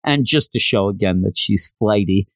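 A man's voice: lowish voice, moderate pace, dry recording. A man casually recapping a story, chatty and joking with lots of fillers. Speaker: reviewer.

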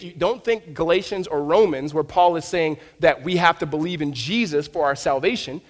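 A man preaching a sermon to his congregation, telling stories animatedly and often stammering and restarting his words. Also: high-pitched. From United States. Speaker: pastor. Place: church sanctuary.

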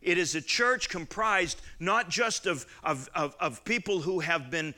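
A man preaching a sermon who shifts between casual, restart-filled asides and loud, emphatic climaxes. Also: high voice, unhurried. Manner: builds to loud emphatic climaxes, then drops to quiet asides; conversational, with repeated restarts and folksy asides. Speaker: pastor.

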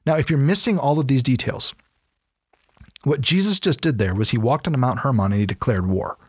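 A man's voice: mid-range voice, brisk, slightly rough, no room sound, clean studio sound. A man co-hosting a podcast, explaining Bible passages in casual chat and acting out the quotes as he goes. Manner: animated storytelling, acts out quotes. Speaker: podcast co-host.

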